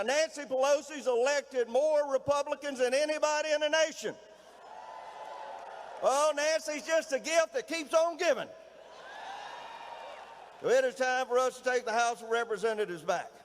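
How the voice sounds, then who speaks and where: A middle-aged man with a Southern Mississippi drawl works a crowd in a folksy, rousing rally speech, his voice pitched strikingly high as he shouts. The recording rings with long reverb from a big hall, and a faint noise sits underneath. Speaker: state governor speaking at a political rally.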